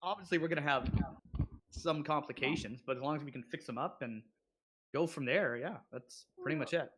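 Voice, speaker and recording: A man's voice: fairly high pitch, fairly quick, a bit bright, slight background noise. A man in casual chat with friends on a voice call, telling stories with laughter and mimicking his friends. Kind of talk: casual group chat before a game.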